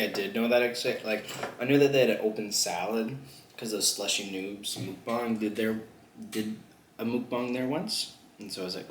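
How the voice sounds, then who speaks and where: A young man vlogging a mukbang, chatting loosely between bites, swearing and laughing often. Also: lowish voice. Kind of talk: casual chat while eating. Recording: echoey room, faint background noise.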